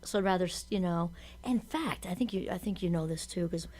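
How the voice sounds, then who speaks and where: A woman's voice: lowish voice, a little fast, a little mellow. A woman hosting a podcast, chatting casually and animatedly, often acting out quotes. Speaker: podcast host. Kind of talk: casual conversation.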